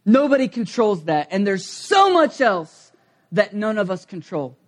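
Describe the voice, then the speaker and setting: A middle-aged male pastor preaching a sermon, dramatic, swinging from loud acted outbursts to quiet intensity. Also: high-pitched, big pitch swings, a little slow.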